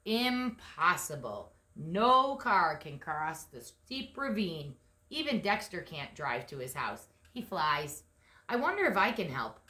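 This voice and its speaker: A calm, thoughtful female spider speaks slowly and deliberately, voiced by a woman reading a storybook aloud. Her bright tone carries a roomy echo. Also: fairly low pitch, pitched below the performer's own voice, full character voice. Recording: echoey room.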